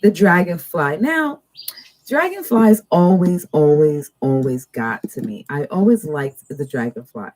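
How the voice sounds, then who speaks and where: A woman giving a live-streamed tarot reading, drawing out each card's message slowly between chatty asides to her viewers. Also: sits low, very animated, darkish tone, poor audio. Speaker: tarot card reader. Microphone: two cameras.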